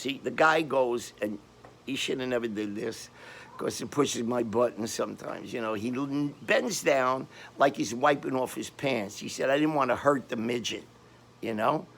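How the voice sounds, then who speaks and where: An older man with a Brooklyn accent telling a rambling street story in a casual, animated way, often restarting his sentences. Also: mid-range voice, gravelly, a little hiss or hum. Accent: Brooklyn New York. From Brooklyn, New York.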